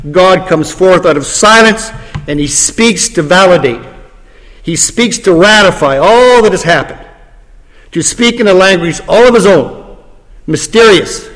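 A man preaching a sermon, dramatic, slowing down and dropping his voice low for emphasis. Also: a bit bright. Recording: long hall reverb.

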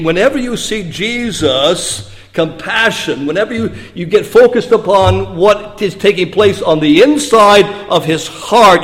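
A fairly high-voiced man preaching a sermon, his words trailing into a long, echoing reverb. He drops to hushed, low passages and then lifts into emphatic, raised lines. It sounds like a pastor in a church hall.

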